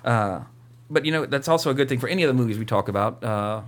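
A man's voice: medium pitch, expressive, quick pace. A man co-hosting a podcast, chatting casually and rambling with lots of filler words. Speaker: podcast co-host. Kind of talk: casual chat.

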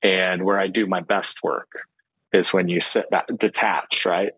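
Brief: male podcast host, lowish voice, reflective, dry sound. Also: little pitch movement, a little slow, a bit bright, husky, dry recording, rough recording. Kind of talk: casual interview talk.

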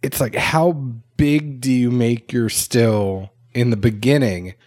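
A man hosting a relaxed interview show, chatty and curious. He thinks out loud before he asks a question. His voice is mid-pitched. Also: takes it slowly. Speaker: host. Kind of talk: casual interview chat.

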